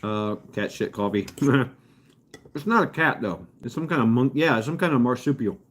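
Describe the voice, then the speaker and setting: With fireworks popping outside, a male stream host rambles and chats with live viewers, frequently chuckling. He speaks at a moderate pace in a medium-pitched, expressive and fairly bright voice, with slight background noise.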